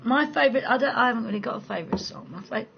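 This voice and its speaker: A woman with a slightly high, gravelly voice talks rapid-fire while hosting a casual late-night live chat. She reads out comments and answers bluntly, swearing and laughing often. The sound is slightly dull, with faint background hiss.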